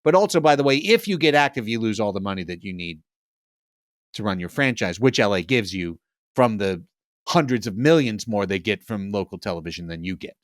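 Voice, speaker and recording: A man hosting a sports podcast, ranting sarcastically in casual chat before trailing off quietly. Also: fairly low pitch, expressive, fairly quick, no echo, studio quality. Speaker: podcast host.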